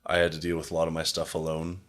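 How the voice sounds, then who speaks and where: A man's voice: a bass voice, monotone, quick pace, a bit bright. A young man hosting a podcast, talking casually and rambling with lots of filler words, acting out conversations he has had. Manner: rambling, frequent "like" fillers, acts out quoted exchanges. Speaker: podcast host.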